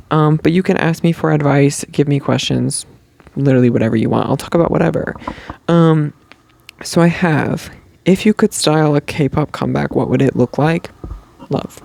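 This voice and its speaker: A young man tells a fan story on his podcast in a chatty, gushing way. His voice is gravelly and warm, with a dry, close sound. He rambles, restarts, and fills gaps with "like" and "um". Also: fairly high pitch, moderate pace, no room sound. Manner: gushing, chatty fan talk with many likes and ums. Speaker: podcast host. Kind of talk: casual storytelling chat.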